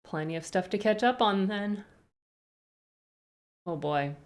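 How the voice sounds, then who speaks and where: A woman's voice: medium pitch, expressive, slow pace. A woman streamer chatting casually on a live stream, greeting viewers one by one with rambling asides.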